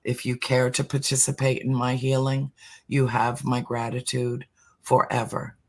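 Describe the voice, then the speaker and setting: A middle-aged speaker talking earnestly about spirituality as a podcast guest, slowing down to stress words. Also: medium pitch, monotone. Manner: earnest, emphatic, slows for emphasis. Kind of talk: heartfelt spiritual talk.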